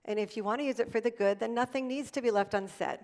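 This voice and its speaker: Animated woman giving a keynote talk. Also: fairly high pitch. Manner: animated storytelling with dramatic pauses. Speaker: motivational speaker. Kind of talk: motivational keynote speech. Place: event hall.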